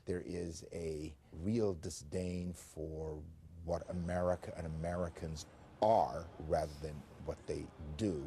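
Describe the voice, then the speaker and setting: Deep husky man explaining at length. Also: fairly even intonation, dark tone. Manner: measured, with frequent fillers. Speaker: author interviewed. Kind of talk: explanatory talk.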